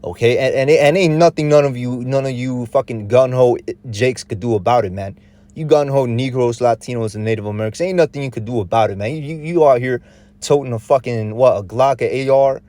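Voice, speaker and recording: A man's voice: medium pitch, a little fast, warm tone, no echo. A man with a mid-range voice preaches scripture in a loose, street-slang style, heavy with profanity. He stumbles and restarts often, piling up rhetorical questions and checking in with his listeners. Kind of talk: informal scripture teaching.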